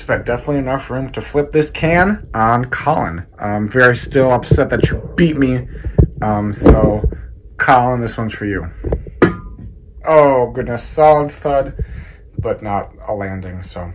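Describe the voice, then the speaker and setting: A man hosting a podcast from a room at home, chatting casually. He rambles in a relaxed way, with plenty of ums and uhs. His voice sits in a middle pitch, and a noticeable hiss runs under the recording. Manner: relaxed, rambling with many fillers. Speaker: podcast host. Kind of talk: casual chat.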